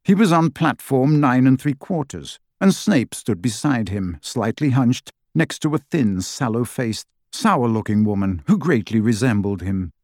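A man reading a story aloud as an audiobook narrator, in a measured, expressive way. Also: medium pitch, no room sound, studio quality. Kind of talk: scripted narration.

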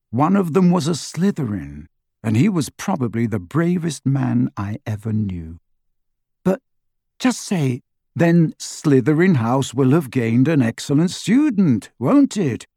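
A man voicing a calm adult father who speaks softly and reassuringly to his young son. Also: mid-range voice, breathy edge, dry recording, studio quality, full character voice. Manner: soft, quiet, reassuring.

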